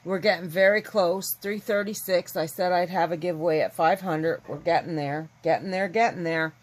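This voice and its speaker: A woman's voice: lowish voice, moderate pace, low-quality recording. A woman chatting casually to her viewers, rambling and candid. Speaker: vlogger. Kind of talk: casual chat to camera.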